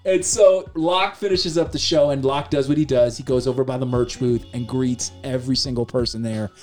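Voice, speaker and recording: A middle-aged man co-hosting a podcast, telling a story in a lively, casual way and cursing freely. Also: medium pitch, brisk, faint music behind. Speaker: podcast co-host.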